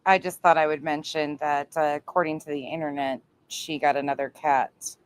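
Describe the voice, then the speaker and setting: A woman's voice: low-pitched, fairly even intonation, moderate pace, slight background noise. A woman giving reaction commentary on a clip, blunt and profane. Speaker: commentary streamer.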